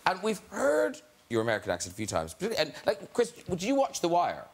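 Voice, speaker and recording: A man's voice: sits high, huge pitch swings, a little fast, gravelly. A man with an Irish accent hosting a TV chat show, teasing his guests with playful questions. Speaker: talk show host. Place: TV studio with live audience.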